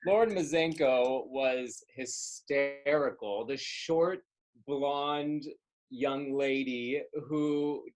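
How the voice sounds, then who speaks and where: A man, a stage performer, chatting as a podcast guest and telling rambling, animated tour stories. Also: mid-range voice, drawn-out words, poor audio. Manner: animated, rambling, trails off in asides. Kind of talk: casual storytelling chat.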